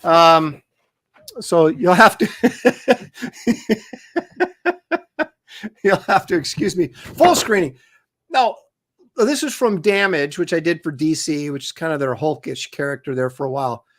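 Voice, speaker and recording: A middle-aged man in casual livestream chat, relaxed and talkative, co-hosting a show and reading viewer comments aloud. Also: fairly high pitch, a little slow, long pauses. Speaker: comic artist and show co-host.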